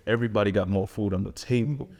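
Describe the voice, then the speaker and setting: Male podcast host, lowish voice, filler-heavy casual delivery, reverberant room. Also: fast talker, darkish tone. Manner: loose, filler-heavy talk with lots of "like". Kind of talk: casual chat.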